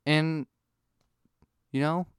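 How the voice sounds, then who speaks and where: A man's voice: fairly high pitch, steady tone, drawn-out words, smooth, no room sound, clean studio sound. A man delivering a ranting, mock-outraged monologue to his audience, swearing freely and getting worked up.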